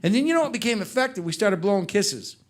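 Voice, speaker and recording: A man's voice: sits high, fast talker. A middle-aged man doing a stand-up comedy set on a club stage, telling stories and joking with the crowd. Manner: animated storytelling with crowd work.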